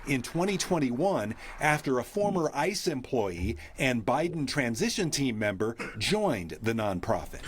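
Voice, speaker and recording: A man narrating a news report in a crisp broadcast reading. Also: medium pitch, big pitch swings, measured pace, few pauses, a little hiss or hum.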